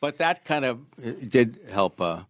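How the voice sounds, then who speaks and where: A man's voice: medium pitch, very animated, measured pace, no echo. A man in his sixties from New York with a New York accent, a guest author telling stories in an interview and hammering home points by repeating them. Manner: emphatic, repeats key phrases. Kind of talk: casual interview storytelling.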